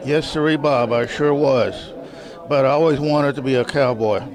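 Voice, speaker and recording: A folksy old-time Texas cowboy with a put-on drawl, spinning tall tales, as a man puts him on. The pitch sits in a middle range for a man. A crowd chatters all around at an outdoor gathering. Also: moderate pace, lightly acted. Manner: folksy, tall-tale boasting.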